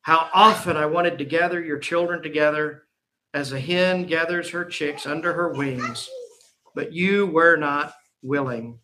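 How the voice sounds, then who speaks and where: Bright high-voiced man preaching. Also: unhurried. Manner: preaching with emphatic swings in loudness and pace. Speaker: pastor. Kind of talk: sermon.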